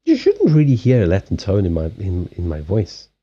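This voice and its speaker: A man's voice: deep voice, huge pitch swings, dark tone. Chatty African man on a dull stream. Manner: chatty, halting restarts, answers viewer chat. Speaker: live-stream host and card reader. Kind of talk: casual live-stream chat. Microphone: streaming setup.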